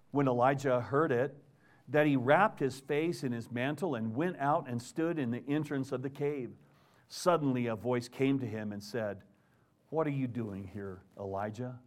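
A man preaching a conversational sermon, reading scripture aloud and dropping to hushed asides. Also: mid-range voice. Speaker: pastor.

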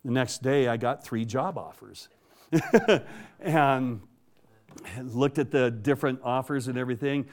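A man's voice: medium pitch, measured pace, long pauses. A man telling a personal faith story as an interview guest, folksy and plainspoken, chuckling often and restarting his words. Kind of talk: casual spoken testimony.

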